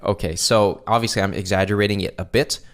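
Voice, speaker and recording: A man teaching sales calls in a relaxed, conversational way, often checking in with the listener. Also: on the low side, quick pace. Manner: conversational, frequent "right?" check-ins. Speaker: sales coach. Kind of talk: instructional talk.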